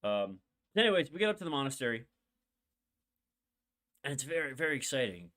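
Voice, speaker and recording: A man's voice: medium pitch, very animated, brisk, a bit bright. A young man hosting a podcast, telling a long personal story in a rambling, candid way with many fillers and asides, emotional and holding back tears. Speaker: podcast host.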